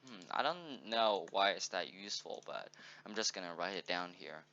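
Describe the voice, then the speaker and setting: Through a dull, lo-fi recording, a man with a deep, gravelly voice, bright and forceful, talks through a tabletop game sheet at a moderate pace with lively intonation. This game tutorial presenter is upbeat, wanders as he thinks aloud, and frequently corrects himself.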